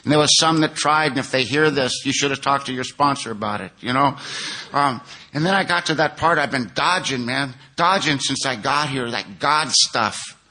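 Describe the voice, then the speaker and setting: A man's voice: mid-range voice, moderate pace, pushed and bright. A man from California giving an earnest, plain-spoken personal recovery testimony at a 12-step conference.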